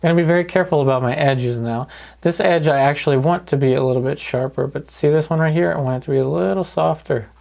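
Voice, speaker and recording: Guy with a gravelly voice walking you thru a paint-along, relaxed and easygoing. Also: fairly high pitch, fast. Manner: calm, easygoing, talks through each step. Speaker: painting instructor. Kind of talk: paint-along tutorial narration.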